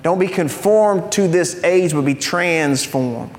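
A man with a high voice preaches a sermon, teaching in a conversational way with the odd joking aside. He slows right down to lean on the key phrases. His voice rings out with a long reverb, as if in a large church sanctuary. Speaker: pastor.

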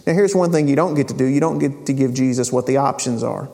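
A man's voice: medium pitch, quick pace, gravelly, warm tone, in a large hall. A man preaching a sermon, retelling scripture in a casual, conversational storytelling way. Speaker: pastor.

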